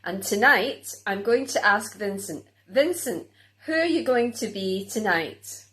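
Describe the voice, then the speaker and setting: A woman presenting a mock talent show in a bright, cheery showbiz manner. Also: mid-range voice, lively intonation, unhurried.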